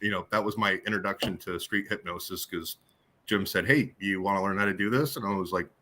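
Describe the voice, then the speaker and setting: A man with a low, bright and forceful voice tells stories in a loose, casual way. He is animated and jokey and stumbles over his words as he goes. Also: brisk, slight background noise. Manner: animated, jokey, many restarts. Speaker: guest on hypnosis show. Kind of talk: casual storytelling.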